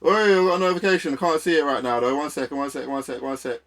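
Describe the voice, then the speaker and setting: A man from London with a London accent, casually chatting and reacting to a video on a live stream in a slangy, animated way. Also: medium pitch, very fast.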